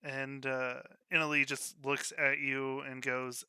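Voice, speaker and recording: A man runs a tabletop game in a relaxed, easygoing way. His voice is bright and smooth, a little high, and he narrates slowly. The sound is dry and close. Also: no room sound. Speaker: game master.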